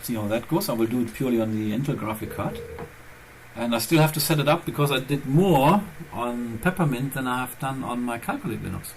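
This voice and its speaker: A man hosting his own channel chats loosely and thinks aloud, wandering from one point to the next. His has a turn, and his voice sits at an ordinary pitch for a man. A faint noise hangs in the background. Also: animated, brisk, low-quality recording. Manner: rambling, chatty, thinking aloud. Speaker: channel host. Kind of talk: casual chat.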